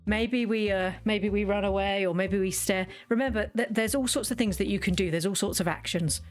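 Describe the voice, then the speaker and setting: A woman rambles through a story while she streams a game, cutting herself off with playful asides. Her voice sits in an ordinary middle pitch. Soft game music plays underneath. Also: a little fast. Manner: rambling, chatty, self-interrupting, playful asides. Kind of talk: casual gameplay chat.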